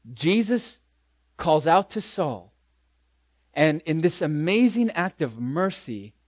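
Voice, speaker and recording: A male pastor preaching a sermon, deliberate and emphatic, dropping to soft words and repeating phrases for weight. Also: a little high, dry recording. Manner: slow, deliberate preaching with dramatic soft drops and emphatic repetition.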